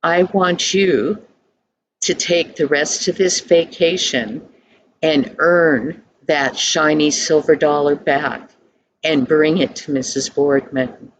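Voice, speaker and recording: Older woman doing a calm wise father. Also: sits low, slow, a little hiss or hum, rough recording. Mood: firm. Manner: calm, gently questioning.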